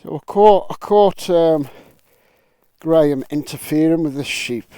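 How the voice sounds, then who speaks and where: A man's voice: a little high, measured pace, warm tone, clear, resonant tone, no echo. A man filming his metal detecting vlog outdoors on a windy island, joking, bantering and swearing as he goes. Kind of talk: casual vlog commentary. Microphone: camera mic with wind muff.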